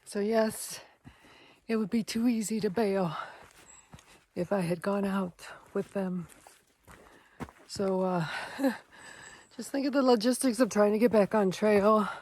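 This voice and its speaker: Speaking to her camera on a rocky trail, a woman hiker who vlogs long-distance treks keeps it chatty and plain, sighing as she moves between thoughts. Her voice is mid-range and a little mellow, with slight hiss or hum in the audio.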